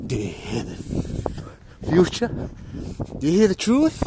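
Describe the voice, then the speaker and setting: A man rambling in a monologue while he walks outdoors, repeating himself and laughing to himself, with loud wind hitting the mic. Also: on the high side, huge pitch swings, measured pace. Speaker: vlogger. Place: outdoors, walking in strong wind.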